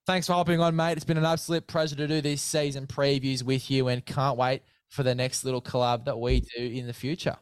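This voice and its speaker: An Australian man hosts a casual sports podcast, talking in a blokey, chatty way. His voice is smooth and resonant, middle-pitched. The sound is close and dry. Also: fairly even intonation, fairly quick, few pauses, dry recording. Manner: blokey, keeps saying mate, hammy ad read. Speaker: podcast host. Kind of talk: casual sports preview chat.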